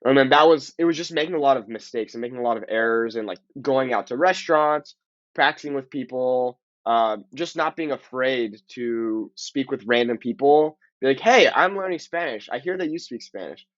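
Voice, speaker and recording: Lively young man, muffled audio. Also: medium pitch, normal speed, no room sound. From Southern California. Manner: animated storyteller acting out his own quotes. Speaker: guest, language teacher. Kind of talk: casual interview chat. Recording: dull lo-fi audio.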